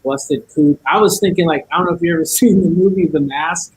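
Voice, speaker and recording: A man's voice: on the high side, brisk, slightly rough, low-quality recording. A man guest on a podcast, telling a story in casual chat, acting out each side of the dialogue and cursing a lot.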